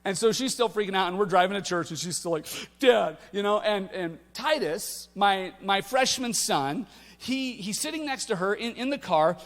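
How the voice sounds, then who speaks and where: A middle-aged man preaching a sermon as a pastor, telling a family story with animated energy in a church. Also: sits high, moderate pace. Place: church auditorium. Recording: echoey church hall.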